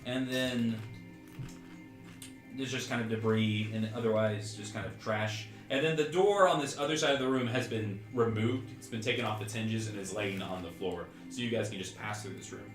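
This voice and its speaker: Casual game master in an echoey room. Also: male voice, on the low side, normal speed, soft background music. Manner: rambling, casual, many fillers. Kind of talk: narrating a tabletop game.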